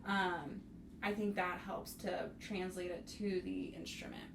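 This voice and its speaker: A woman's voice: on the low side, little pitch movement, unhurried, gravelly. Woman music instructor, encouraging with students, recorded at a distance in a roomy space. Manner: sings rhythms on syllables to demonstrate; encouraging, speaks to young students. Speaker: bassoon instructor. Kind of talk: music tutorial. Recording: roomy, mic at a distance, faint noise.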